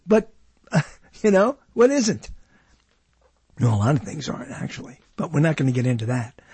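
A man hosting his own show, talking in a chatty, digressive monologue and often clearing his throat. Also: sits high, a little mellow, dry recording. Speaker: show host. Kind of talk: casual rambling monologue. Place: indoors, cold dry room.

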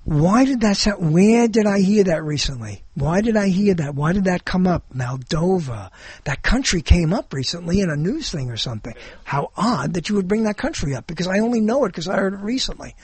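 A man hosts a show in loose comedic chat, rambling from joke to joke. His voice sits high and has a breathy, husky edge. The sound is dry and close. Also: expressive, a little fast, darkish tone, dry recording. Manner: rambling, jokey, breaks into silly voices. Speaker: show host.

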